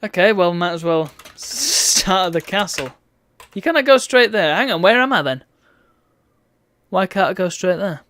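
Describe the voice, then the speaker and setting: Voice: medium pitch, moderate pace, a bit bright. A streamer giving wry, bemused commentary while reading a game's text aloud. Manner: wry, bemused asides between read-out lines.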